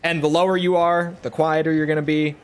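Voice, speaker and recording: Young man, twenties, rambling gaming streamer, speaks from his throat; a touch high-pitched. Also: level tone, a little fast, smooth. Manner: talks from the throat to project, chatty and rambling. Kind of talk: casual gaming stream chat.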